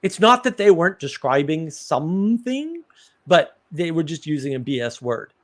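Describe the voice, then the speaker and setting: A man's voice: a little high, sing-song, normal speed. Man hosting a casual live stream. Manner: thoughtful, explaining with examples.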